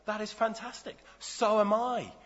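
A man's voice: high-pitched, little pitch movement, fairly bright tone, voice pushed up. A man voicing an eager, overfriendly male passerby who fires off nitpicking questions in a joke. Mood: gushing. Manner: gushing, rapid-fire questions. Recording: dull lo-fi sound in a reverberant hall.

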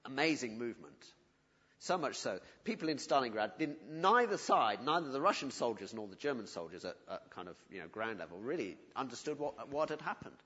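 A man's voice: mid-range voice, sing-song, a little fast, husky. Earnest preacher man in a reverberant hall. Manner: earnest, pleading, shifts to soft and quiet. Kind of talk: sermon. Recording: dull audio with long hall reverb.

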